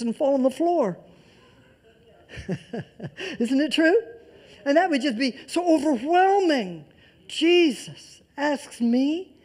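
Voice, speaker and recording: Preacher repeating phrases for emphasis. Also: medium pitch. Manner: emphatic repetition of key phrases; swings between loud emphasis and soft near-whispers. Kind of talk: sermon.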